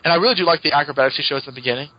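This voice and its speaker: A man's voice: a little high, racing, muffled recording. A man co-hosting a casual comic book podcast, retelling plots in a chatty way and laughing often. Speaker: podcast co-host.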